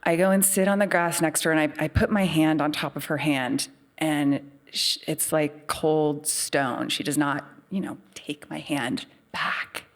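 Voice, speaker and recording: A woman's voice: low voice, steady tone, normal speed. A middle-aged woman, a psychiatrist, telling a personal story live on stage in a candid, self-deprecating, conversational way. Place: theater stage before a live audience.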